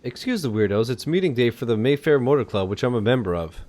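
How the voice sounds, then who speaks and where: A man's voice: mid-range voice, expressive, fast talker, a little mellow, lightly acted. Man doing a jovial French biker. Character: gruff middle-aged male biker shop owner, jovial.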